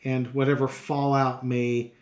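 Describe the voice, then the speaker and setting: A man's voice: mid-range voice, flat delivery, measured pace, darkish tone. Sarcastic man hosting a tarot reading. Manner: sarcastic, exasperated, rambling with fillers. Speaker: tarot reader and channel host. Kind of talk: casual monologue with a tarot reading.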